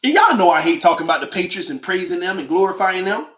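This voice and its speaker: A man riffs through an emphatic, preachy monologue, firing off rhetorical questions in slangy talk. His voice sits high and swoops up and down. The room around him rings with echo. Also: very animated, fast talker, a bit bright. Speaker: host of a call-in sports show. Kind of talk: animated opinionated monologue.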